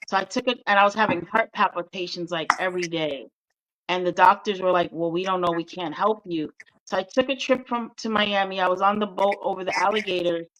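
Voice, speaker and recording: A woman, a guest author telling her own story in a candid interview, lively and full of quoted voices. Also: mid-range voice, rough recording. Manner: animated, mimics voices in quotes.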